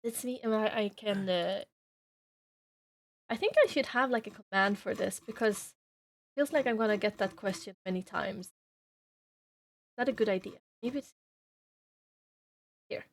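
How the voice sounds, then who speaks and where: A woman livestreamer chatting casually with her viewers, playful and quick to laugh as she greets them by name. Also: mid-range voice. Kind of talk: casual chat with stream viewers.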